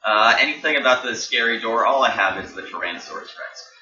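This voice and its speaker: A man's voice: mid-range voice, lively intonation, fast. Guy cohosting a podcast, jokey, lots of uhs, kinda far from the mic, muffled. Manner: joking, trails off with fillers. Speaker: podcast co-host. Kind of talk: casual chat. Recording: distant, dull, roomy mic with background noise.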